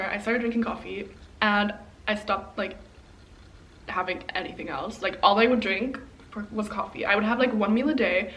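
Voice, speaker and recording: A woman's voice: fairly high pitch, a bit bright. A young woman chatting casually through her makeup routine, rambling with lots of fillers and giggles. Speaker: beauty vlogger. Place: home, getting ready on camera.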